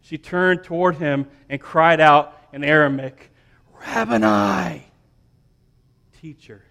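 A man's voice: fairly high pitch, fairly even intonation, a little slow, fairly bright tone, clear, resonant tone. A man in his thirties, a pastor, preaching an emphatic sermon and repeating words as he builds up.

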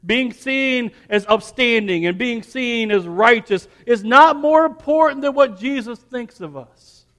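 A man with a high voice preaches from the front of a church, telling a homely story that stumbles over repeated ands and restarts. His delivery then builds into firm, emphatic sermon lines. The sound rings with a long reverb from a large hall. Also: fairly bright tone. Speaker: pastor.

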